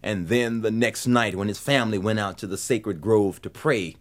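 A man telling a folktale dramatically and animatedly, with loud sound effects and shouted yells. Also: lowish voice. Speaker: storyteller.

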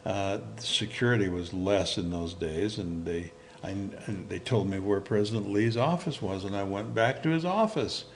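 An older man telling a personal story as an interview guest, animated and chuckling, acting out the dialogue he remembers. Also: deep voice, moderate pace, few pauses, slight background noise.

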